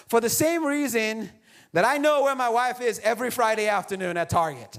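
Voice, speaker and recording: A man's voice: extremely high pitch, a little fast, a bit bright. A young adult man preaching a sermon as pastor in a church, playful and jokey, acting out other people's voices. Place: church sanctuary.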